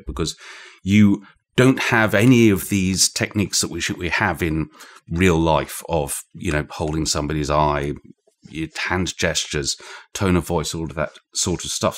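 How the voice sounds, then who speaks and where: Brief: British male author, very low voice, musing guest with many restarts, talking across a room. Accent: British English. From Britain. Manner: thoughtful, digressive, frequent restarts. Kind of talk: conversational explanation. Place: indoor room shared with the host.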